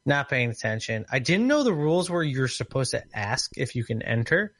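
Man, casual podcast chat, animated storyteller, dry sound. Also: mid-range voice, moderate pace, dry recording.

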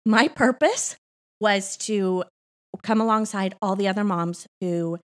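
A woman's voice: medium pitch, slow. A middle-aged woman, a co-pastor, telling a family story in a casual interview, laughing often and acting out the voices she quotes. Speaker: co-pastor and podcast guest. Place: Austin church setting. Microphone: microphone on her.

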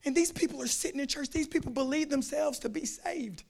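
High-voiced preacher swinging from shouts to hushes. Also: male voice, brisk, vocal fry. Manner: swings between shouted fervor and quiet intensity; repeats phrases for emphasis. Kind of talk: sermon.

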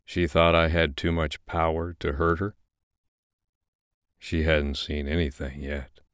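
Male narrator-host, deep bass, unhurried, dry booth sound. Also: level tone, fairly bright tone, smooth, no room sound. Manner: slow, measured first-person reading. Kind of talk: reading an erotic fiction excerpt.

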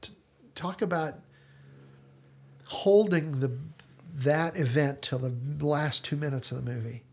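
A man's voice: fairly high pitch, slow pace, long pauses. A man hosting a casual discussion podcast, retelling scenes in detailed storytelling fashion. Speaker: podcast host.

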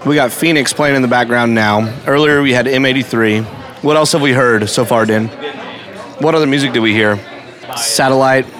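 A man's voice: mid-range voice, moderate pace, a bit bright, a faint crowd. A man co-hosting a casual food review, joking and narrating what his friends are doing. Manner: playful, jokey, narrates what others do. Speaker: co-host of a food review show. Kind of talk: casual food-tasting chat.

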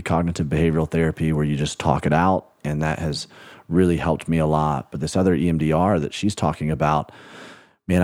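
A man's voice: rumbling low, darkish tone, no echo, studio quality. A man hosting a faith podcast as a pastor, talking in an earnest, reflective and emphatic way. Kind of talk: casual faith interview chat.

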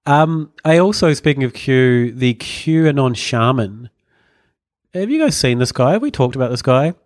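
A male podcast host spins long, rambling stories in easygoing banter, laughing at his own tangents. His voice sits at an ordinary pitch, and the sound is dry and close with no room around it. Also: expressive, moderate pace, no echo. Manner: rambling storyteller, chuckling often. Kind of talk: casual comedic chat.

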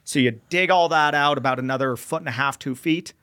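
The voice is fairly high, fairly quick and clean in tone: a young man, a veteran entrepreneur, guesting on a casual interview. He tells his story with animation, mimicking bits of radio dialogue.

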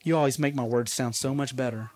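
A man's voice: medium pitch, steady tone, quick pace, a little mellow. A man giving a conversational sermon as a pastor, laughing at his own asides.

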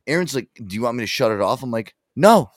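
A man's voice: medium pitch, lively intonation, quick pace, dry recording, studio quality. A man hosting a casual show, rambling and swearing, with lots of "like" and "you know". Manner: rambling, profane, full of fillers. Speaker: show host. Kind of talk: casual radio-show chat.

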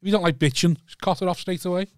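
A man's voice: sits high, steady tone, very fast, background noise. A man trading swearing banter in a casual podcast chat.

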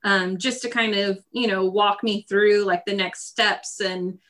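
A woman speaks in a casual interview, recounting her experience in a bright, clear tone. She laughs often between her sentences. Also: medium pitch, fairly even intonation, measured pace. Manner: laughs often while telling her story. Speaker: guest.

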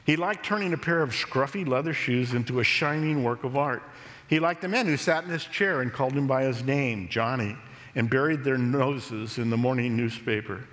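A pastor preaching a sermon, telling a story in a slow, measured way. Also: male voice, mid-range voice, fairly bright tone. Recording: long reverb of a large hall.

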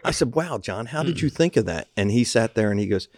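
A rodeo arena owner, a man, telling a funny story in relaxed podcast talk. He acts out voices as he goes, with a middle-pitched voice. The sound is dry and close. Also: fairly quick, no echo. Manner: animated storyteller acting out quotes. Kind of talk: casual podcast chat.

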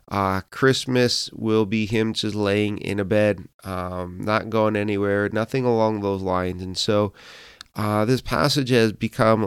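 A man's voice: lowish voice, clean tone, no echo, clean studio sound. A man pastor giving a devotional podcast sermon, earnest and personal, with fillers and restarts, telling a Bible story in quoted voices.

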